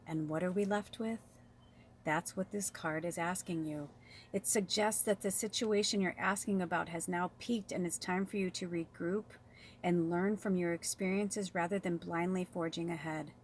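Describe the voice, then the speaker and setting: Speaking on the low side over a little hiss or hum, a woman reads tarot and oracle cards in a casual, spiritual session. She talks straight to her viewers as "you guys," rambling chattily, reading card passages aloud and then riffing on them.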